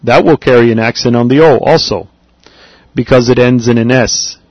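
A man teaching a Spanish grammar lesson, patient and deliberate, spelling out words and saying them again. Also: mid-range voice, no echo, lo-fi sound.

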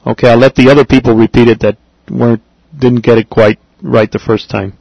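A man teaching a language class, patiently explaining and repeating phrases slowly for his students. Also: medium pitch, fairly even intonation, gravelly, a little mellow, slightly rough, dry recording, muffled recording. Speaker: Spanish teacher.

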